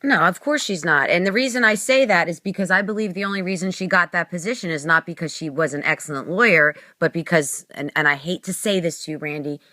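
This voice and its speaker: A woman's voice: on the low side, fast, few pauses, pushed and bright. A woman hosting a conversation, interjecting with pointed questions and opinions. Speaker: host. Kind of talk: casual phone conversation.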